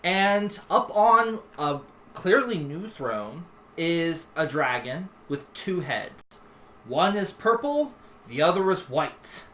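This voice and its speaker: A man's voice: a little high, big pitch swings, takes it slowly, bright, forceful tone, a little hiss or hum. A man narrating as game master in a tabletop game, in a casual, filler-laden way.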